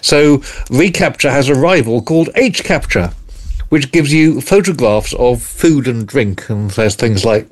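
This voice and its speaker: A man co-hosting a radio show, presenting gadget stories in an easy chatty way with quick jokes. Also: mid-range voice, animated. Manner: chatty, explains then jokes and laughs. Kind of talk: casual radio chat. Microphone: studio mic.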